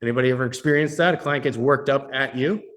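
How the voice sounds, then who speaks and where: A man's voice: medium pitch, quick pace, a bit bright. A man leading a live workshop as a business coach, talking bluntly with plenty of swearing and often checking in with the people in the room. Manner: blunt, profane, keeps checking in with the audience. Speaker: business coach hosting a mastermind. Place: meeting room with a live audience.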